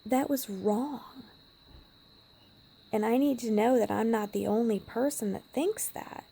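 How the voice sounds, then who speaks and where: Woman vlogger, gravelly and warm-toned, emotional storyteller who slips into whispers. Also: fairly high pitch, moderate pace. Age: adult parent. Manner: emotional, drops to a hushed whisper at times. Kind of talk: personal storytelling vlog.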